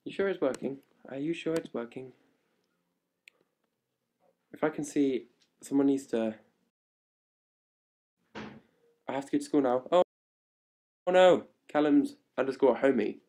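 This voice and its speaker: A young man chatting live to fans on a webcam at home, hyper and playful and growing louder as he goes. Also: mid-range voice. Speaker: livestream host answering fan questions. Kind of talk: casual live webcam chat. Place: indoors at home. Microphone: laptop webcam mic.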